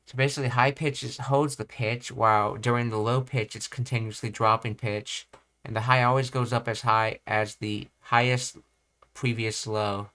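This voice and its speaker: A young man reading and commenting on language study material, thinking aloud with halting restarts. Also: medium pitch, flat delivery, pushed and bright. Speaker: language teacher.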